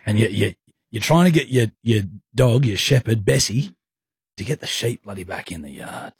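A man's voice: fairly low pitch, animated, normal speed, husky, no room sound. A young man hosting a radio show, teasing his co-host in casual banter and laughing often.

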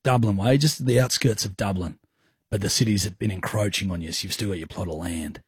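A man's voice: on the low side, brisk, husky, dry recording. A man co-hosting a radio show, teasing his co-host in casual banter and laughing often, in a studio.

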